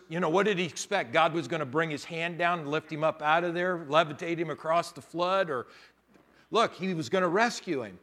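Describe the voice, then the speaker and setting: A pastor with a slightly high voice preaches a sermon, switching between loud, rising preaching and quieter teaching, and he laughs often.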